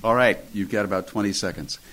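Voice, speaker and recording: A man hosting a radio interview show, asking questions with halting restarts. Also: fairly low pitch, fairly bright tone, low-quality recording. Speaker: radio host.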